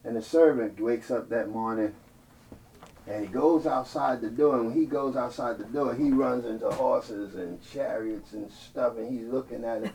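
A male preacher telling a story in a sermon, animated and playful, calling out to the congregation and building to loud peaks. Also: medium pitch, moderate pace. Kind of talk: storytelling sermon with call-and-response. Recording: distant mic, faint ambient noise.

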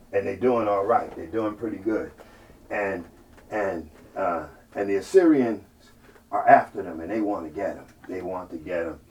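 Playful guy preaching, tells the story and asks the church if they're with him, mic kinda far, bit of noise. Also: lowish voice. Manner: animated and playful, building to loud peaks. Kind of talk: storytelling sermon with call-and-response. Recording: distant mic, faint ambient noise.

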